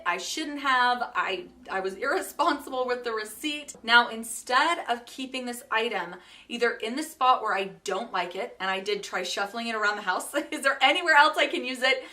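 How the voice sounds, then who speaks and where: A woman in her thirties chatting casually in a home vlog, upbeat and quick to laugh, sorting through her things. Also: fairly high pitch, sharp tone, recorded from a distance. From Utah. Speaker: home organizing vlogger.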